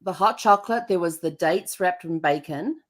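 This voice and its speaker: A woman's voice: lowish voice, normal speed. A middle-aged woman hosting an online show, telling stories in casual chat with frequent fillers and laughs. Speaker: show host.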